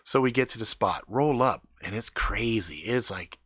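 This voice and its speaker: A man improvising a crude comedic story, animated and playful, recorded close on a mic. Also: lowish voice, moderate pace, slightly rough, dry recording.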